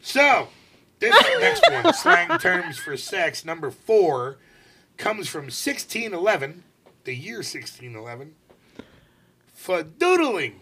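Animated man hosting a playful chat. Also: high voice, takes it slowly, noisy background. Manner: laughing, playful, reads terms in mock-formal tones. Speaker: show host reading a list. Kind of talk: casual studio chat.

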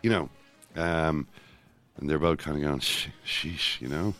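A man co-hosting a casual football podcast, talking in rambling, self-interrupting runs with animated asides. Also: rumbling low, moderate pace, soft background music. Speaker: podcast co-host.

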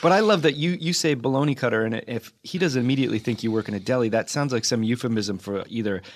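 A man's voice: mid-range voice, quick pace. A man hosting a podcast interview, chatting with enthusiasm and laughing along with his guest. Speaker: podcast host. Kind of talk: casual interview chat.

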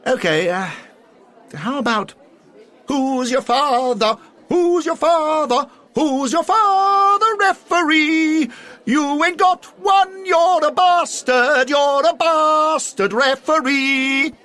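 A man voicing a boisterous, mocking old gentleman who founded a football club, in a loud, high, cackling voice. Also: huge pitch swings, measured pace, slightly rough, some chatter behind, exaggerated voice. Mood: jeering.

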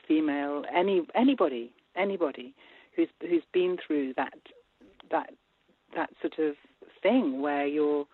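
A woman film director in a casual interview, chatty and quick to laugh, with many hesitations as she talks about her film. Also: deep voice. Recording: husky voice over a tinny phone-like line.

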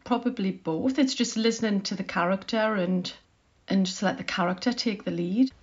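A woman's voice: medium pitch, normal speed, lo-fi sound. A woman writer talking as a podcast guest in a chatty, self-deprecating way. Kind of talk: conversational interview.

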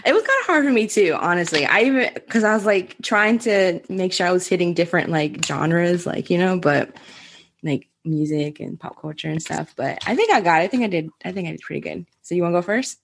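A woman in her thirties chatting on a casual podcast with a lower pitch than most women. She rambles, leaning on "like" and laughing often as she talks. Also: expressive, a little fast, gravelly. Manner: rambling, heavy "like" filler, frequent laughter. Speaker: podcast co-host. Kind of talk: casual chat.

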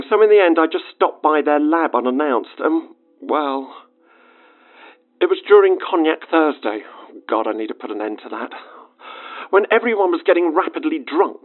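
Exasperated man, phone-like audio. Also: a little high. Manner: exasperated, rambling, sarcastic asides. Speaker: base director. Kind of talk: scripted audio-log monologue. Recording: phone-like narrow sound with faint music.

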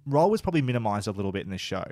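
A man co-hosting a casual podcast, retelling favourite scenes with enthusiasm and getting emotional. He swears casually and talks in a relaxed, rambling way. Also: fairly low pitch, racing, dry recording, clean studio sound. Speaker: podcast co-host. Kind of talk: casual chat.

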